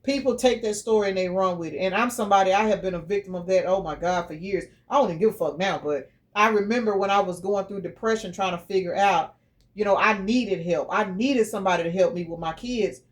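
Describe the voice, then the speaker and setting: A woman's voice: medium pitch, fast. A middle-aged woman giving a casual tarot reading, blunt, profane and preachy. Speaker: tarot reader.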